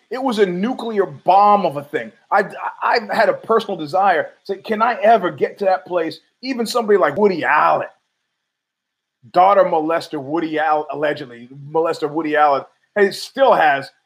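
Guy ranting on his podcast, kinda high voice, swears a lot, argues with himself. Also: low-quality recording. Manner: rambling, profane, argues with himself. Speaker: podcast host. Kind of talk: casual monologue.

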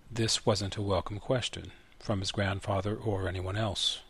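Guy reading a short story on a podcast, low husky voice, calm and even, dry close mic. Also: moderate pace, hardly any pauses, dry recording. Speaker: story reader. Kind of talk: scripted literary narration.

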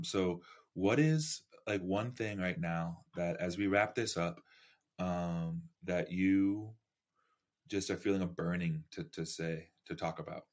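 A man hosting a faith podcast, gently prompting his guest to share. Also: deep voice. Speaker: podcast host. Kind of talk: interview.

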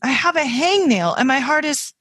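A whiny little girl piles up dramatic complaints, her voice jumping high and squeaky as she goes, as a woman reads her part in a poem. The sound is close and dry, with no room around it. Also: sing-song, moderate pace, a bit bright, dry recording. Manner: breathless, melodramatic complaining that jumps high in pitch. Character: little girl faking a long list of ailments. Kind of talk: dramatic poetry reading.

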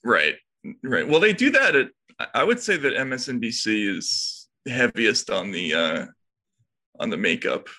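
Bright-voiced man, wry and lively. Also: mid-range voice, unhurried. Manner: wry, teasing, lively storytelling. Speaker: podcast co-host. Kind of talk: casual chat.

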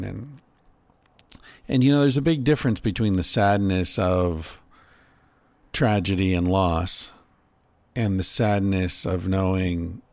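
Middle-aged male podcast host, low gravelly voice, reflective and unhurried. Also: dry recording. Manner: musing, unhurried, swears casually. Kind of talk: reflective casual monologue.

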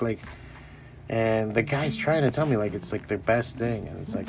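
A man's voice: medium pitch, moderate pace, soft background music. Rambling, foul-mouthed man hosting a podcast. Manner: rambling, profane, loose storytelling. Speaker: podcast host. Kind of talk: casual solo podcast monologue.

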